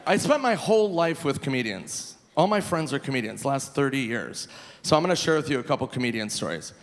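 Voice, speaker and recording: Giggly, animated comedian man in his forties. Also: medium pitch, brisk. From Minnesota, USA. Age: 40s. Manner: animated, giggly, self-mocking. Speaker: stand-up comedian. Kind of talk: live stand-up set. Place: live theater stage. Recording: reverberant live venue, faint room noise.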